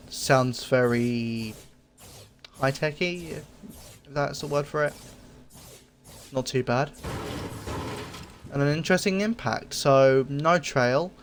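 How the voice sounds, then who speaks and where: A man with a voice of ordinary, middle pitch talks casually through a review of game cosmetics. He is laid back and rambling, trailing off and filling gaps with ums and uhs as he thinks aloud. Faint background noise sits under his voice. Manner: easygoing and rambling, often pausing with fillers. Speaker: gaming video creator.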